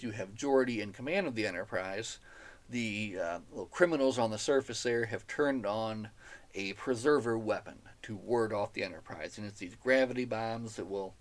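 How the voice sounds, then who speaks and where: A man talks through a book he clearly enjoyed, in a relaxed, chatty recap. He sounds enthusiastic and amused, with a mid-range voice that is neither high nor low. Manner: enthusiastic, chatty, laughs at the story. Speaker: podcast host reviewing a novel.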